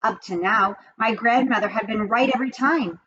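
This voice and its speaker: A woman reading a children's story aloud with expressive, dramatic storytelling. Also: a little high, moderate pace, dull audio, a little hiss or hum. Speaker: reader of children's books. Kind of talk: storybook read-aloud narration.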